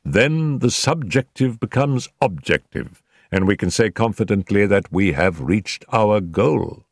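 An older man reading an audiobook, voicing a confident detective who speaks in a crisp, precise manner. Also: fairly low pitch, animated, a little slow, no room sound, studio quality. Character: man playing a brisk, confident male detective.

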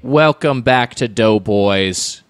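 A man's voice: fairly low pitch, slow pace, over loud music. A man co-hosting a casual comedy podcast, joking around and steering the segments. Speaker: podcast co-host. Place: home recording room.

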